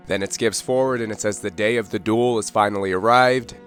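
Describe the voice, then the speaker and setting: A man's voice: on the low side, steady tone, brisk, a bit bright, soft background music. A man narrating a casual manga chapter recap, reading characters' lines aloud in a loose, conversational way. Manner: reads dialogue aloud in a loose conversational way, "kinda", "like".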